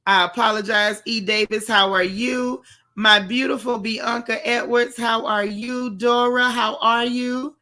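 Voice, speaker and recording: A middle-aged woman with a slightly higher voice runs a casual livestream, chatting in easygoing slang and calling out viewers by name. Her throat is still on the mend, and she keeps talking on a home stream mic. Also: little pitch movement, a little slow. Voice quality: throat recovering. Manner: warm, chatty, Southern-style slang, calls viewers y'all. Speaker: livestream host. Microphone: live stream mic with sound trouble.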